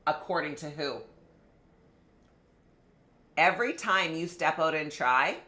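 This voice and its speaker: Woman business coach, low and bright voice, lively and conversational, roomy sound. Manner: animated, conversational, addresses viewers directly. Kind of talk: live online masterclass teaching.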